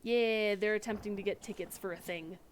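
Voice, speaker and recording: A woman's voice: mid-range voice, steady tone, fairly quick, a little hiss or hum. A woman streamer chatting casually and ramblingly while she plays, with self-deprecating asides. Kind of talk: casual gameplay chat.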